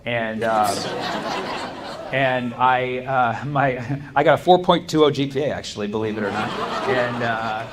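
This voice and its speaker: A man's voice: mid-range voice, unhurried. Laid-back male stand-up comic. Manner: laid-back and chatty, with many likes and you-knows and bursts of laughter. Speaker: stand-up comedian. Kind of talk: stand-up set with crowd work. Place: comedy club stage with an audience. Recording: live club room with noise.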